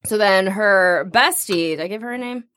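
A woman's voice: medium pitch, normal speed, fairly bright tone. A young woman co-hosting a podcast, casually retelling a night out with quoted dialogue and frequent laughter. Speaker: podcast co-host. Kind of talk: casual storytelling chat.

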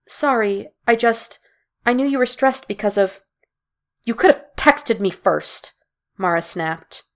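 A woman narrating a scripted story in a measured storytelling delivery. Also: fairly low pitch, gravelly, highs cut off.

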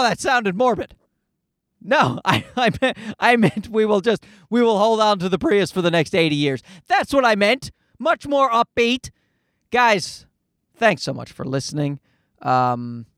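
A man's voice: sits high, big pitch swings, normal speed, fairly bright tone, dry recording, clean studio sound. A man from Canada hosting a podcast, ranting in a casual, profane, worked-up way. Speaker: podcast host. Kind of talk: casual solo rant.

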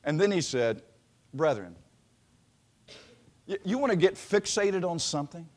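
Slow, expressive preacher with a high voice. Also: male voice. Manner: dramatic swings from loud proclamation to hushed near-whisper; slow, emphatic delivery with repeated words. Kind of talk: sermon.

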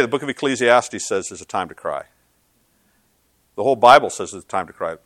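A man preaching a sermon as pastor, earnest and swinging from loud to hushed. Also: medium pitch, brisk, no echo.

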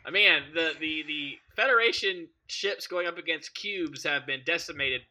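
A man's voice: a little high, pushed and bright. A man co-hosting a podcast, chatting enthusiastically and agreeably with a friend. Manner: enthusiastic, agreeable, quick to laugh. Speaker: podcast co-host. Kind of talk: casual fan discussion.

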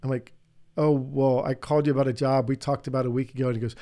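A middle-aged man hosting an interview, telling long, animated anecdotes in a casual, rambling way. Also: medium pitch, fast talker. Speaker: podcast host.

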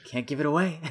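Man, podcast co-host, casual movie chat, lively pitch swings, rambling. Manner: rambling, animated, laughs often.

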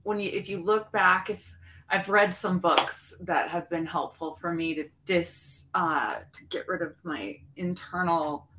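A woman's voice: lowish voice, unhurried, pushed and bright, slight background noise. A woman co-hosting a podcast, speaking earnestly and with passion in casual conversation. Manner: earnest, impassioned. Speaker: podcast co-host.

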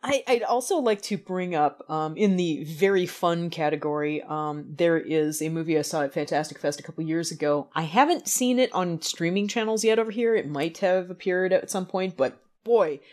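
A woman's voice: on the low side, normal speed, hardly any pauses, darkish tone. Podcast co-host: woman, casual, enthusiastic, laughs a lot. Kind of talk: casual chat.

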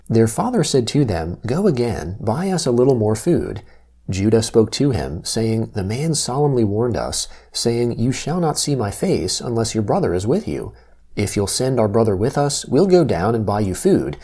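Guy reading scripture out loud, kinda husky, voice goes up and down a lot. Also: medium pitch. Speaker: scripture reader.

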